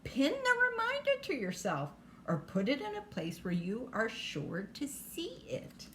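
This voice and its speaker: An older woman reads a children's bedtime story slowly, and her voice rises and falls in lively waves. She keeps stopping to ask the child questions, with a faint hum of the room behind. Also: high voice. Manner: chatty asides to the child listening. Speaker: grandmother reading aloud.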